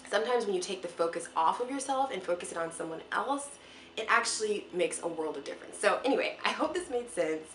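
A woman's voice: mid-range voice, animated, fast talker. Earnest young woman vlogging in echoey room. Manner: earnest, rambling and encouraging, near tears at times. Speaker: mom vlogger. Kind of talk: casual heartfelt talk to camera. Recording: echoey room with faint ambient noise.

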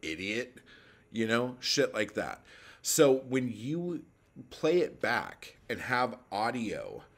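A man's voice: medium pitch, very animated, takes it slowly. A man talking casually about writing craft, blunt and profane, rambling with lots of filler words. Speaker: poet giving writing advice. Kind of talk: casual talking-head vlog.

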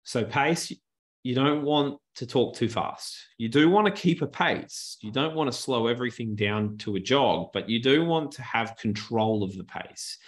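A man teaching presentation skills in a webinar from his home office, animated and deliberately varying his pace and tone, on a good desk microphone. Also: medium pitch.

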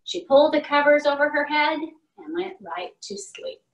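Animated woman reading a storybook aloud. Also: sits high. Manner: slow, animated, expressive read-aloud. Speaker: preschool teacher. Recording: echoey classroom from far off.

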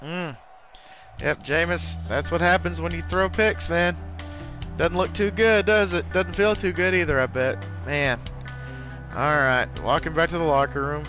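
A young man giving excitable live commentary while playing a football video game, full of exclamations and mild curses. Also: on the high side, unhurried, faint music behind. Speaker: gaming YouTuber.

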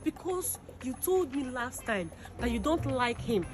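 A woman with a Nigerian accent playing a defensive mother in a web skit who loudly scolds and accuses her daughter. Music plays behind her. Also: sits high, expressive. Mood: scornful. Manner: loud, accusing, quick to scold. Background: background music.

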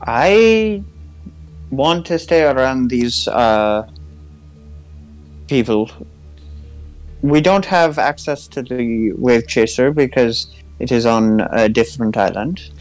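A man playing a tabletop game, talking through a plan in halting, filler-filled speech. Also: medium pitch, animated, soft background music, poor audio. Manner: halting, many pauses and fillers. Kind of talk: in-character party planning.

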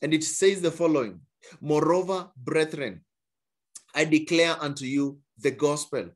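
A man's voice: a little high, a little slow. A man preaching a sermon, reading scripture aloud and repeating phrases for emphasis, sometimes stumbling over words.

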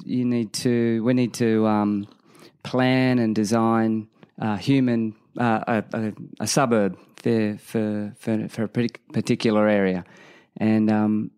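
A man's voice: mid-range voice, a little mellow, smooth. A man being interviewed on a podcast, easygoing and hesitant, often restarting his sentences. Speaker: podcast guest, permaculture educator. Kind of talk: casual interview talk.

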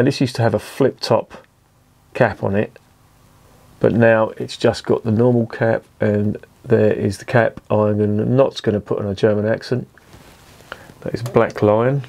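A man's voice: lowish voice, darkish tone. A man rambling chattily through a casual beer review vlog, with plenty of fillers and the odd swear word.

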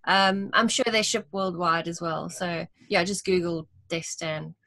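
A woman's voice: lowish voice, steady tone, a little slow, sharp tone, dry recording. A woman from South Africa with a South African accent, answering interview questions with earnest, direct advice. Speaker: illustrator guest.

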